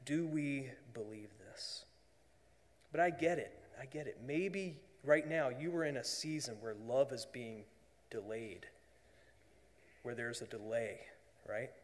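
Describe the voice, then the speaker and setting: A man preaching a sermon as pastor, earnest, often dropping to a hushed voice for emphasis. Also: mid-range voice, a little slow, in a large hall.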